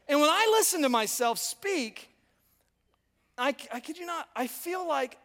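A man's voice: very high voice, lively intonation, a little slow, fairly bright tone, in a large hall. A pastor in his fifties preaching a sermon, talking directly to his congregation in a conversational, self-mocking way. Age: 50s. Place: church auditorium.

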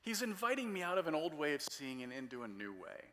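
A man in his forties delivering a sermon in a relaxed, self-deprecating storytelling way. His voice is bright and forward, and it rings out with a long reverb, as if in a large hall. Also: a little high, quick pace. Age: 40s. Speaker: pastor.

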